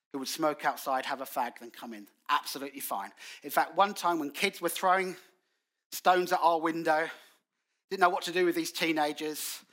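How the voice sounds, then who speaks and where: A man preaching a lively sermon in church, telling stories with acted-out quotes and colloquial British phrasing. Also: on the high side. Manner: animated storytelling with acted quotes. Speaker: guest preacher.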